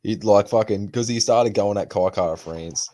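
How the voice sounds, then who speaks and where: A young man hosts a casual podcast chat, talking loosely and swearing a lot. He retells stories animatedly with put-on quotes, his voice on the low side at a normal speed.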